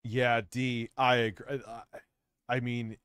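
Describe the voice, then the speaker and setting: A man's voice: mid-range voice, little pitch movement, takes it slowly, fairly bright tone, clean tone, no echo, clean studio sound. A man co-hosting a casual commentary stream, mocking and often laughing. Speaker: stream co-host.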